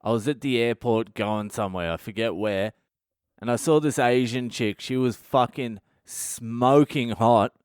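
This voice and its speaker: A man's voice: mid-range voice, measured pace, a little mellow, clean tone, dry recording, clean studio sound. A middle-aged Australian comedian hosting his own podcast, telling stories in a profane, ranting, self-mocking monologue. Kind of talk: comic storytelling monologue.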